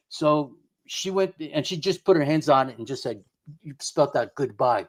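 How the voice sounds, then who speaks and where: A man's voice: a little high, normal speed. Rambling middle-aged male storyteller. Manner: rambling, full of restarts and quoted dialogue. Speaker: guest investigator of the unexplained. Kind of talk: telling a personal story in a radio interview.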